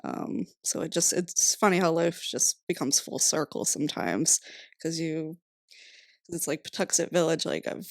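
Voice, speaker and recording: Chatty young woman with a gravelly edge. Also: low voice, measured pace, no echo, studio quality. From Rhode Island, USA. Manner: chatty, laughs often, heavy use of "like". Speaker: podcast guest. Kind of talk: casual interview chat.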